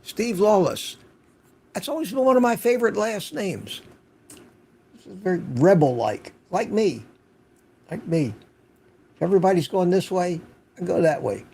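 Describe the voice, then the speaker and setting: A man's voice: sits high, big pitch swings, normal speed, vocal fry, long pauses, mellow, breathy edge. An older man hosting a live stream, chatting casually, greeting viewers by name and repeating words for stress. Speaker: host. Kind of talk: casual livestream chat.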